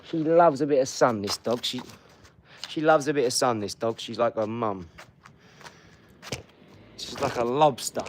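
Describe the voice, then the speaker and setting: A man hosting a live stream from his garage, chatting to viewers in a loose, hyped, slangy way. His voice sits at an everyday middle pitch, with a faint hiss of noise behind it. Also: unhurried, long pauses. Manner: hyped, slangy, calls viewers "dog" and "mate". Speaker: livestream host. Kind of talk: casual live-stream chat. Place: home garage.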